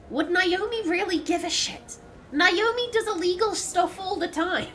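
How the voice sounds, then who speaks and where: A woman hosting a let's play, her voice high and bright. She talks casually and chattily over the game, swearing freely and laughing easily. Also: unhurried, a little hiss or hum. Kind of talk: casual gameplay commentary.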